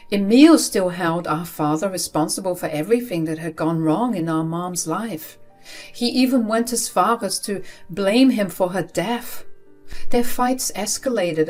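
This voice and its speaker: A woman narrating a first-person story in an earnest, emotional way. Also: fairly low pitch.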